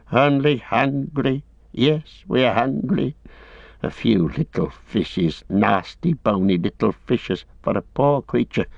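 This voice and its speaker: A man voicing a wretched, cringing creature that whines and wheedles, stretching words slowly and leaping up high. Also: a little mellow, no room sound. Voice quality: whining, wheedling, breathy-far timbre. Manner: drawn-out slow words with sudden high jumps. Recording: dry, slightly dull audiobook recording.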